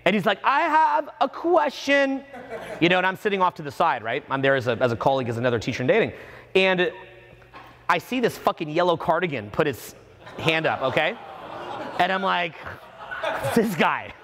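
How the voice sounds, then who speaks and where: A man, a dating coach, telling stories to a live seminar audience, profane and animated. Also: fairly high pitch, fast talker. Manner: profane, animated, acts out the people in his stories. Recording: long reverb of a seminar hall.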